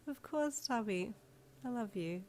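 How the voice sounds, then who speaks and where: A woman voicing a feisty, playful young woman with loud, squeaky outbursts in a fan fiction audio reading. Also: animated, a little slow. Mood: tearful.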